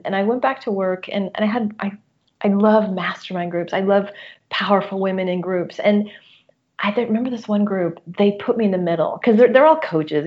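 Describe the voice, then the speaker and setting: A middle-aged woman talks openly as a guest, earnest and candid, often restarting her sentences as thoughts spill out. Her voice sits in a middle range. The recording sounds slightly dull and lo-fi. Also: mid-range voice. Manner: earnest, open, talks in rushes with many restarts. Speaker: guest, coach. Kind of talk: candid personal conversation. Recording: muffled lo-fi audio.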